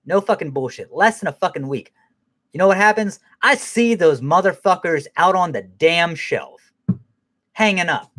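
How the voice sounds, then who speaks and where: A man's voice: sits high, animated, moderate pace, fairly bright tone. A man hosting a podcast who rambles through an angry, profane rant and laughs at himself now and then. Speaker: podcast host.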